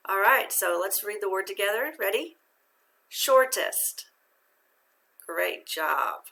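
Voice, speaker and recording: A woman's voice: mid-range voice, lively intonation, normal speed, gravelly, sharp tone. A middle-aged woman teaching a phonics lesson to young children, patient and encouraging, asking questions and praising the answers.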